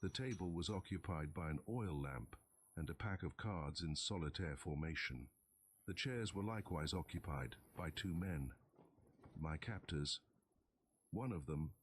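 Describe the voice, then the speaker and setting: A man with a very deep voice reads a pulp crime story aloud in an even, measured pace. The clack of a keyboard and mouse clicks carry on clearly in the background. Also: background noise. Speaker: narrator.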